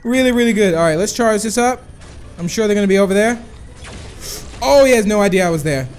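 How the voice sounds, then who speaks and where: A young man giving live commentary on a shooter game, excitable and chatty with viewers, bursting into whoas and cheers. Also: sits high, fast talker. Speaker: gaming YouTuber.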